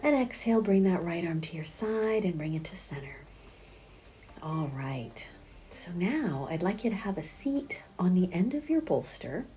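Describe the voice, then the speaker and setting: A middle-aged woman teaching a prenatal yoga class, speaking gently and softly, often half-whispered, and counting breaths aloud. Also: on the low side, sing-song, normal speed, a little hiss or hum. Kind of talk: guided yoga class instruction.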